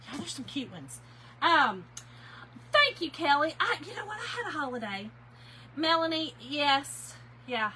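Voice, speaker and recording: A woman's voice: high-pitched, sharp tone, a little hiss or hum, low-quality recording. Chatty woman hosting a live sale. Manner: chatty, effusive, thanks viewers by name; gets emotional and laughs easily. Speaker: host of a live craft-supply sale. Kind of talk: casual livestream chat.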